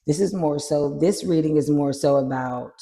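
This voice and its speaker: A tarot reader chatting casually through a card reading, animated and swearing freely. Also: medium pitch, moderate pace, gravelly. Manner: animated, swears freely, acts out little scenes.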